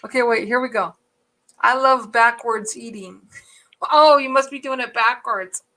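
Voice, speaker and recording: California lady hosting a stream, high bright voice, jokes around. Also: unhurried. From California, USA. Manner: loose, joking, swears casually. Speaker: host. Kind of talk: casual live stream chat.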